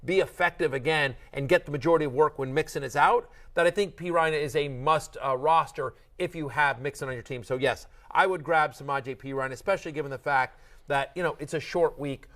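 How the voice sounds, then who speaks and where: A middle-aged man with a fairly high voice hosts a fantasy football show. He chats casually and jokes around, restarting his sentences and wandering off into asides. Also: a little fast, fairly bright tone. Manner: chatty, joking, lots of restarts and asides. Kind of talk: casual sports chat.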